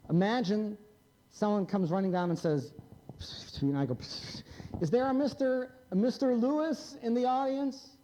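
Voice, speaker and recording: A mellow-toned man in his fifties lectures a live audience, blunt and wry, his pitch swinging up and down as he prods the listeners with questions. The recording is dull and lo-fi. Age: 50s. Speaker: psychiatrist lecturer.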